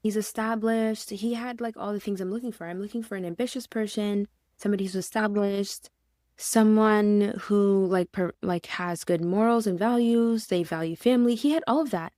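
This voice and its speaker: A woman tells a personal story in a casual podcast chat, slipping into her own past words as she goes. Her voice sits at a middle pitch, recorded close and dry with no room sound. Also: normal speed, mellow, no room sound.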